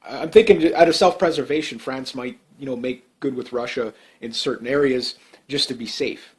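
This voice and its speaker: A man's voice: mid-range voice, normal speed. A man giving off-the-cuff political commentary, blunt and emphatic, rambling with many fillers and restarts.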